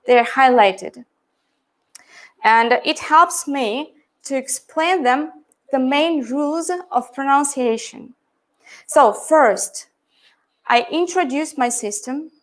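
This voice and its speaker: Woman, English teacher, slow delivery, explanatory, checks in often, middle-aged. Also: high voice, fairly bright tone. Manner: explanatory, checks in with "yeah?" and "right?".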